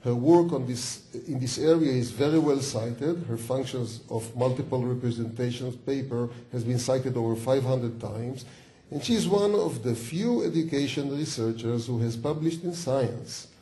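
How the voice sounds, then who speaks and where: A man introducing a guest lecturer in a hall, halting now and then with fillers and self-corrections. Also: mid-range voice, dark tone. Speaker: event host. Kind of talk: formal speaker introduction.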